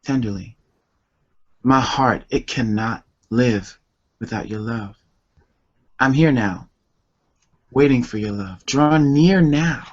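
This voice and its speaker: Slow, deliberate male poet on muffled audio. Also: medium pitch. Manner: slow, deliberate, emotional delivery. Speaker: poet and author guest. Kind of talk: slow poetry reading and chat.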